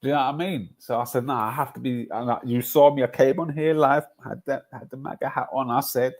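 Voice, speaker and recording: A man's voice: medium pitch, fairly even intonation, brisk, darkish tone. A man hosting a casual football livestream, chatty and rambling, often laughing at his own stories. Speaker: livestream host.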